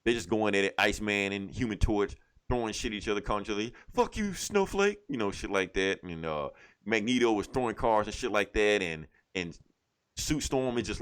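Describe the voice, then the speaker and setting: A man's voice: lowish voice, fairly bright tone. A man co-hosting a casual podcast, animatedly retelling a comic plot and acting out the characters' lines with plenty of cursing. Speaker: podcast co-host. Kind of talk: casual comic book review chat.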